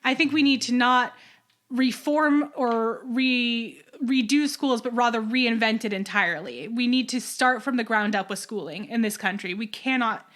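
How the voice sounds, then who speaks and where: Brief: young woman podcast co-host, high voice, animated ranting chat. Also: moderate pace.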